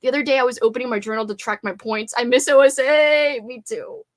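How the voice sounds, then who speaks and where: Young woman, livestream host, bubbly, reads and answers chat, slightly high voice. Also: fairly even intonation, fast. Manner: bubbly, reads viewer comments aloud and replies.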